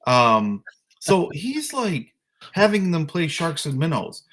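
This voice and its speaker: A man co-hosting a podcast, telling a casual story about coaching youth flag football in an exasperated, animated way. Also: on the high side, takes it slowly. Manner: animated, exasperated ranting with mimicked voices.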